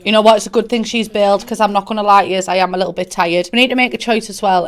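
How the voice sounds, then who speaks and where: A woman's voice: medium pitch, fairly even intonation, fast, hardly any pauses. Young woman, Teesside accent, casual gaming commentary, cheeky and sweary, chats straight to viewers. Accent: Teesside English. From Middlesbrough, England. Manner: chatty, cheeky, swears freely, talks to viewers. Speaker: gaming YouTuber. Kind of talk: casual let's-play commentary.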